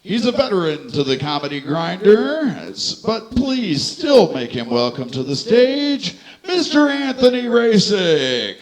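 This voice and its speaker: Male club emcee, crowd hype, unhurried and sing-song delivery, slightly high voice. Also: big pitch swings, a little hiss or hum. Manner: hyping the crowd. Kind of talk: introducing comedians. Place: comedy club stage.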